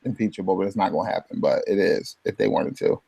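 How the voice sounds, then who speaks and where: A man co-hosting a casual talk show, opinionated, pausing on ums. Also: sits low, expressive, vocal fry, mellow, breathy edge. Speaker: podcast co-host. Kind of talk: casual chat.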